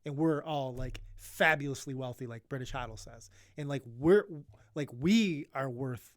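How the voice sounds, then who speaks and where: A young man co-hosts a casual podcast, speaking in a mid-range voice a little slowly. He's earnest and rambling, often restarting his sentences, and gets emotional about his topic. The audio is studio quality with no echo.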